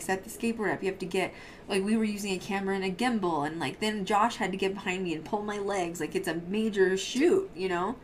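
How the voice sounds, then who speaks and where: A woman hosts a casual podcast, chatting in a bubbly, rambling way as she tells her stories. Her voice sits at a middle pitch. A faint hiss runs underneath her. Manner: bubbly, rambling storyteller with frequent laughs. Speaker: podcast host. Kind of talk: casual chat.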